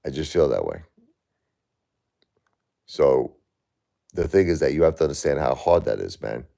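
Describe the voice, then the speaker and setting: Brief: man in his forties, livestream host, very low gravelly voice, impassioned and repetitive, arguing and grieving. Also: sing-song, moderate pace, dark tone. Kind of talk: emotional livestream chat.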